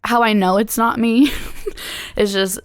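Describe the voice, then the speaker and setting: A woman's voice: fairly high pitch, steady tone, slow pace, clear, resonant tone. Laughing woman flight attendant. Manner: laughs often, acts out customers. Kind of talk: casual podcast chat.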